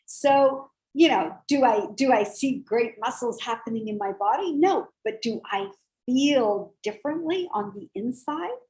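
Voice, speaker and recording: High-voiced, slow-speaking woman minister. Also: rough recording. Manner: animated storytelling with quoted dialogue. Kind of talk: sermon. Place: church service.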